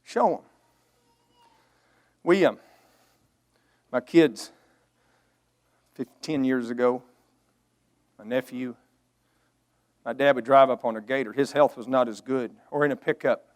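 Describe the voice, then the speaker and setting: A man's voice: medium pitch, measured pace, long pauses. A middle-aged man preaching a storytelling sermon, earnest and emotional, swelling to emphatic outbursts.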